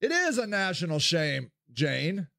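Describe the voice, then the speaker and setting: A man's voice: measured pace, gravelly, no room sound, studio quality. A man from Ohio giving a candid solo monologue as a podcast host, blunt and swearing freely. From Akron, Ohio, US. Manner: blunt, swears freely, animated swings in pitch.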